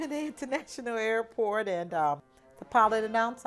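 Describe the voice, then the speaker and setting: Animated New woman telling her story. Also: fairly high pitch, normal speed, soft background music. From New Orleans, USA. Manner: animated, acts out the dialogue, informal Southern speech. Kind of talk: personal storytelling.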